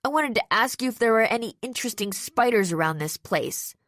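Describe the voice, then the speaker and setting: A woman voicing a confident boy with a high-pitched voice in an audiobook. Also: expressive, brisk, no echo. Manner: confident, bright and firm. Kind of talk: audiobook character voice.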